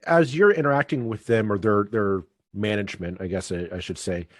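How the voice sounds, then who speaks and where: A man's voice: lowish voice, fairly quick, no echo, clean studio sound. A man hosting a podcast, asking long, rambling questions with many restarts. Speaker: podcast host. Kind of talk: casual podcast interview.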